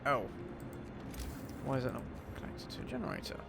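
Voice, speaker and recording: A man's voice: mid-range voice, wildly swooping pitch, fairly quick, vocal fry, over music. A man hosting a casual livestream Q&A while he plays a game, answering chat in an offhand, sweary way and muttering to himself mid-game. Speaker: YouTube host.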